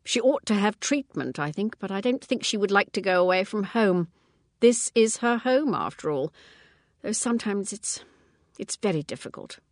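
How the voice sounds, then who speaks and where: An anxious older spinster sister, read by a woman in an audiobook, fretting and breaking off mid-sentence. Her pitch moves a great deal. The sound is dry and close. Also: animated, moderate pace, no echo, close to an everyday voice. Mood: fretful. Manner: fretful, trailing off, restarting. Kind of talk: audiobook character reading.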